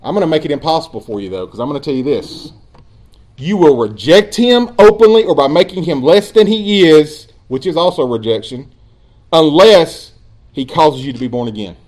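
A man preaching a sermon as pastor, earnest and emphatic, dropping at times into quiet asides. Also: fairly high pitch, lively intonation, moderate pace.

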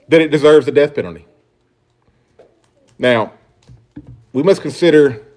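A man's voice: fairly high pitch, darkish tone. A man preaching a sermon, emphatic and full of rhetorical questions, rising and dropping in volume as he stresses points. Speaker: pastor.

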